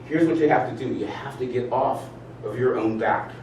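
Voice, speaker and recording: A man giving a motivational talk, animated as he leads his audience in spoken exercises. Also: mid-range voice, moderate pace. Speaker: speaker leading a talk. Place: event room with audience. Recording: roomy sound from far off, faint noise.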